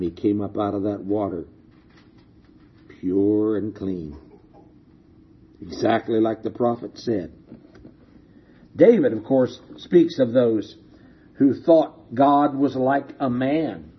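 A man preaching a sermon, telling a story slowly and asking rhetorical questions, heard on a dull lo-fi recording. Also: mid-range voice, husky.

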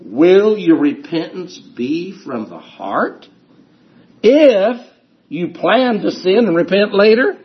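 Emphatic, husky male preacher. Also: sits high, big pitch swings, takes it slowly, lo-fi sound. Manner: emphatic, repeats key phrases, acts out excuses. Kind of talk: sermon.

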